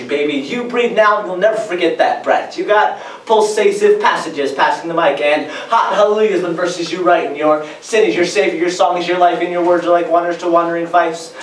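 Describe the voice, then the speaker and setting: A man's voice: high-pitched, slight background noise. A man reciting spoken word poetry in a rhythmic, emphatic way, heard from a distance in a performance hall. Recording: echoey hall, distant mic.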